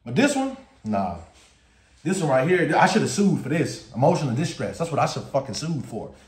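A man telling a story in a vlog with animated, profane ranting and laughter. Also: fairly high pitch, a little fast. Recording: roomy echo.

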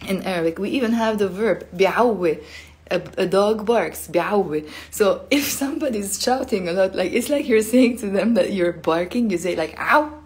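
A woman's voice: mid-range voice, moderate pace, a little mellow. Chatty woman teaching with laughs. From Lebanon. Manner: chatty, laughs often, acts out sounds. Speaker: Arabic teacher. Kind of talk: casual live-stream lesson.

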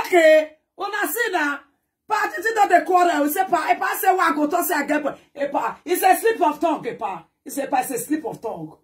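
An older woman with a Nigerian Pidgin accent, ranting to camera about herself in a boastful, animated way that bursts into shouts. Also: sits high, a little fast. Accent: Nigerian Pidgin English.

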